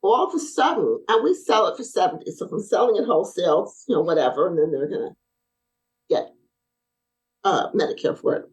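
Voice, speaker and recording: A woman's voice: on the low side, fairly quick, low-quality recording. A middle-aged woman, a podcast guest who owns a brace company, telling stories in casual conversation and acting out the dialogue of the people in them. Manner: animated, acts out quoted dialogue. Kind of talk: casual interview storytelling.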